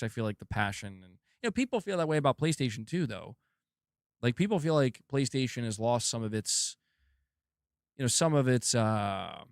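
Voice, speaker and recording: A man's voice: mid-range voice, no echo, clean studio sound. A man hosting a gaming channel in a casual livestream chat, laid-back, swearing and laughing often, with a sore throat.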